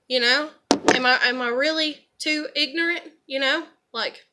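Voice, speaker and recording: A woman's voice: high voice, normal speed, very noisy. A woman in an angry personal vlog rant, swearing and repeating furious rhetorical questions. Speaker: vlogger.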